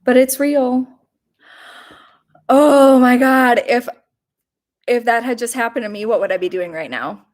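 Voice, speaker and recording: A young woman in her twenties hosting a casual live stream, chatty and quick to laugh, dramatic about small mishaps. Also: on the high side, animated, darkish tone. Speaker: YouTube livestream host.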